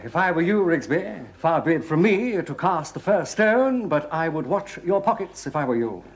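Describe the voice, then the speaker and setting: An actor playing a smooth, snobbish gentleman with a posh English accent in a studio sitcom, genteel and affectedly polite. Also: fairly high pitch, big pitch swings, moderate pace. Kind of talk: 1970s studio sitcom acting.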